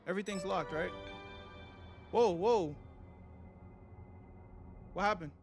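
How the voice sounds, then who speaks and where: A young man streaming a horror game live, reacting in a panicky, excitable way, swearing and repeating himself. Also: high-pitched, slow pace, faint music behind.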